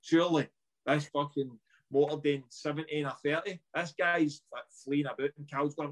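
A Scottish man in his thirties spins a lively yarn on a podcast, slightly high voice, swearing freely and slipping into the voices of the people in his story. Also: normal speed. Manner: animated, laughing, swearing, acts out dialogue. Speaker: podcast guest, former footballer. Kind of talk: casual chat, storytelling.

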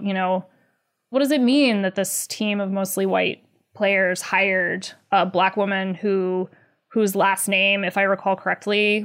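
A woman in her thirties answering interview questions as a journalist. She talks in a lively, chatty way, leaning on "like" and "you know", with dry, sarcastic laughs now and then. Her pitch sits in the middle for a woman. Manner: animated, many "like" fillers, sarcastic laughs. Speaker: journalist guest. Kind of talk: conversational interview.

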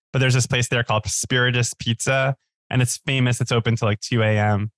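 A man chatting casually as a podcast guest, spinning stories with plenty of likes and restarts. His voice sits at an ordinary middle pitch. It sounds close and dry, with no room around it. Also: a bit bright, no echo. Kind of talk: casual chat.

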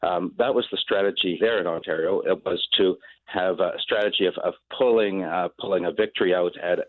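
A man who is a political scientist gives commentary in a radio interview, halting and full of fillers and repeated words. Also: low voice, no echo. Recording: phone line.

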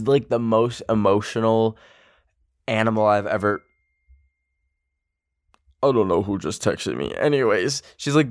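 In studio-quality audio with no echo, a young man with a fairly low voice hosts a podcast and relates a story. He's chatty and emotional, leaning heavily on the filler "like."

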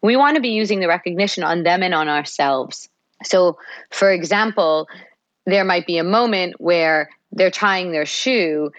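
On a dry, low-quality recording, a woman psychologist with a voice on the low side talks as a podcast guest. She explains warmly and at length, acting out short conversations between parents and children.

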